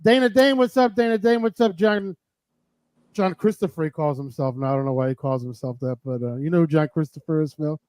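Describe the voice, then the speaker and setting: A male host runs a relaxed live-stream talk show and chats loosely with his guests. His voice sits high for a man. The sound is dry, with no room around it. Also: fairly quick, no echo. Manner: chatty, breaks off to greet the chat room. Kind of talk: casual live-stream chat.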